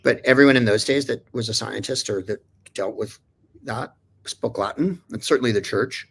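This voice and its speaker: A man's voice: medium pitch, normal speed, fairly bright tone, slightly rough. A man guesting on a livestream talk show, telling long, digressive anecdotes with lots of restarts. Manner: rambling, digressive, many restarts and fillers. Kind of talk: casual chat, storytelling.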